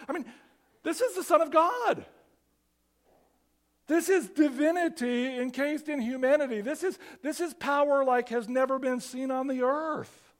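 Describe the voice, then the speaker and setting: A man preaching a sermon as pastor, animated and conversational, often restarting his phrases. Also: very high-pitched, a little slow.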